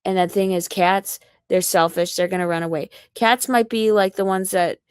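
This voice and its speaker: A woman's voice: medium pitch, fairly even intonation, normal speed, clean tone, dry recording. A young American woman livestreaming, ranting in a rambling, heated and profane way. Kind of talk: casual livestream rant.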